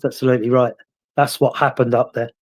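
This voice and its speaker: A man's voice: medium pitch, little pitch movement, quick pace. A man with a British accent, hosting a casual chat and telling stories in a rambling, reflective way. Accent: British English. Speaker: host.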